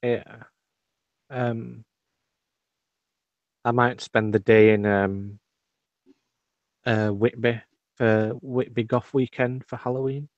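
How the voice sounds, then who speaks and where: A man chatting as a guest on a video call, soft-spoken and explaining things patiently, with many fillers. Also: mid-range voice, flat delivery, slow pace, pauses often, no room sound, highs cut off. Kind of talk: casual video-call chat.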